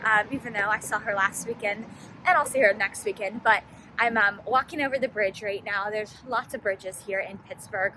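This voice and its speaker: Young woman coach vlogging on her phone, chatty and upbeat, um-ing a lot, noisy background hiss. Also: on the high side. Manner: chatty, upbeat, filler-heavy. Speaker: fitness coach. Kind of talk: casual vlog narration.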